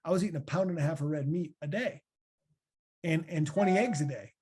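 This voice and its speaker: A man in his thirties with a Midwestern American accent, answering podcast questions as a former linebacker in a chatty, animated way. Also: a little high, fairly quick, husky. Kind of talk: casual podcast Q&A.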